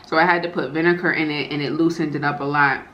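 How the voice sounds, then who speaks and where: A woman vlogging as she eats, savoring her food in slow, drawn-out casual talk, stretching and repeating words and calling her viewers y'all and you guys. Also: low voice, fairly even intonation, highs cut off. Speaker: mukbang vlogger. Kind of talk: casual eating vlog chat. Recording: echoey room with faint ambient noise.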